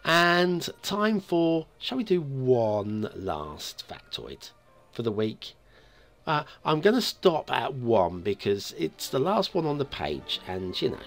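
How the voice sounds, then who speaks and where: Chatty gravelly British man. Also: medium pitch, wildly swooping pitch, slow pace. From United Kingdom. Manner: chatty, playful asides and chuckles. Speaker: host of a map review show. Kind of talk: casual game commentary. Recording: faint music behind.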